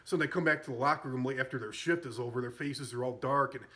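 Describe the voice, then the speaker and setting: A man's voice: mid-range voice, fast talker, bright, forceful tone. A man casually recapping a comedy film, rambling and amused, with frequent fillers and self-corrections. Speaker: movie reviewer.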